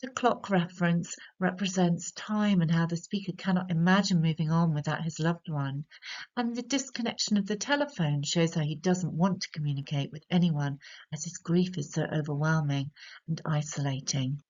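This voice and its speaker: Lower-voiced British woman explaining a poem. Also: darkish tone. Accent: British English. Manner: measured, explanatory, slows to stress key words. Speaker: literature tutor. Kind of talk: recorded poetry analysis lesson. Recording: slightly dull lo-fi audio.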